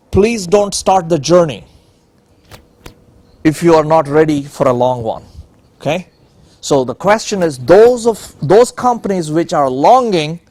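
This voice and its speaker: In a conference room, a man lectures on innovation into a handheld microphone, his voice fairly high-pitched with a darkish tone. He keeps checking in with the audience, pausing often to ask "okay?".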